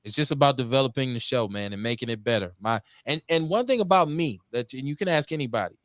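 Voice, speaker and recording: A man's voice: mid-range voice, expressive, fast, dry recording, clean studio sound. Fiery, swearing male radio host. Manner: fiery, preachy, swings between shouting and muttering, swears freely. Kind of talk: impassioned call-in radio talk.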